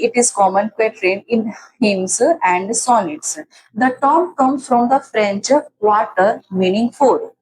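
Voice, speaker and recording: A woman's voice: a little high, a little mellow, low-quality recording. A woman teaching literary terms in an exam-prep lecture, restating each definition several times with fillers and restarts. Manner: explains by repeating definitions.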